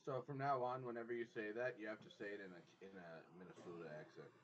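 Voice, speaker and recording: A man's voice: lowish voice, animated, fast, muffled recording. A young man playing a tabletop game, joking and bantering casually. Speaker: player.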